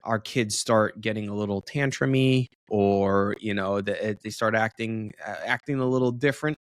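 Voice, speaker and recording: A man's voice: lowish voice, moderate pace, smooth, dry recording, studio quality. A man in his thirties co-hosting a casual dad podcast over a remote call, rambling with lots of fillers and frequent laughs. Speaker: podcast co-host. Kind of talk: casual chat. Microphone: remote call over home internet.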